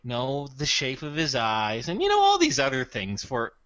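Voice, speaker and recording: A man's voice: mid-range voice, huge pitch swings, normal speed, highs cut off, crowd noise. A man playing in a casual tabletop role-play, chatty and explaining his character's plans at length. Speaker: tabletop game player.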